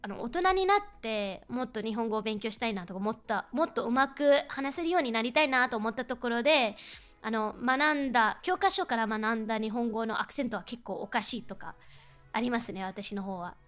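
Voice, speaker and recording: A woman's voice: on the high side, lively intonation, racing, fairly bright tone, soft background music. A chatty young woman streaming a casual chat, laughing often and switching between English and Japanese.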